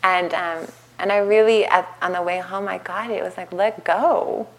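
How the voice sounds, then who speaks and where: A woman meditation teacher giving a dharma talk at a retreat center, telling a story with lively acted-out quotes and frequent laughter. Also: lowish voice, moderate pace, low-quality recording. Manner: animated storytelling, acting out quotes, laughing often.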